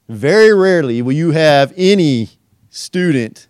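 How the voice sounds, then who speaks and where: A man's voice: on the high side, animated, measured pace, darkish tone, no room sound, clean studio sound. A middle-aged man preaching a verse-by-verse sermon, asking rhetorical questions and acting out quoted voices. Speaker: pastor and teacher.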